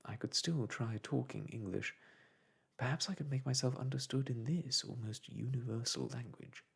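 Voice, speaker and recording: A man reading a classic novel aloud in a soft, hushed ASMR storytelling style. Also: medium pitch, normal speed. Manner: hushed, breathy and gentle.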